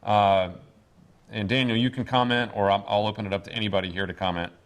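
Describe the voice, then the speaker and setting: A man teaching a classroom Greek lesson, speaking deliberately with many pauses and fillers. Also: lowish voice, steady tone. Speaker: seminary professor.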